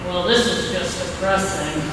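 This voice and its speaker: A woman's voice: on the low side, measured pace, noisy background, natural voice. A woman playing an exasperated offstage voice that scolds and questions the performer in a stage play. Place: theater. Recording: distant voice in echoey hall.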